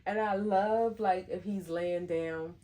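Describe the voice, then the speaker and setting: Slow, relaxed, low-voiced woman. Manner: relaxed, affectionate, teasing. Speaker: podcast co-host. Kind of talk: casual couple chat.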